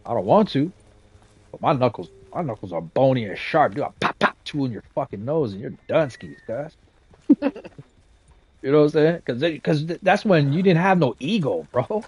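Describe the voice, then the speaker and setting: A man's voice: mid-range voice, animated, moderate pace, breathy edge. A man, chatting casually while he plays. He talks in laid-back, profane street slang and keeps checking in with "you know what I'm saying" and "right?". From west side of San Jose, California. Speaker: gaming streamer. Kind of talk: casual storytelling chat.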